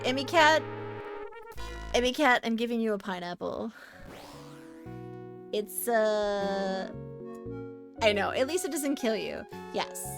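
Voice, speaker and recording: A woman streaming a retro adventure game, chatting casually and playfully with her viewers and breaking into loud bursts of frustration. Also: medium pitch. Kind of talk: casual live-stream commentary.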